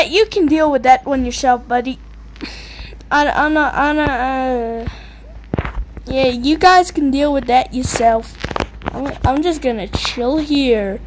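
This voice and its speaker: A young woman giving excitable, taunting commentary while playing a video game, yelping and squealing at the action. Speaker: gamer. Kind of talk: gameplay commentary. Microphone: low-quality mic. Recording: faint noisy low-quality mic.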